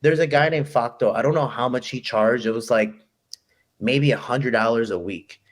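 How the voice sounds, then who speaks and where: A young man from Chicago, a fighter being interviewed, telling stories in an animated, quick, casual way and acting out what people said. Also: mid-range voice. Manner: animated, quick, acts out quoted voices. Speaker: guest fighter.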